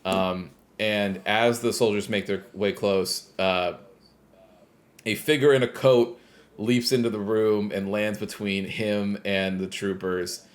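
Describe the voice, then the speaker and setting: A man's voice: fairly low pitch, steady tone, slow. A man co-hosting a casual podcast, retelling a game's story in a rambling way with lots of "like" and "uh". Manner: rambling retelling, heavy use of "like" and "uh". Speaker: podcast co-host. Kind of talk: casual chat recapping a game plot.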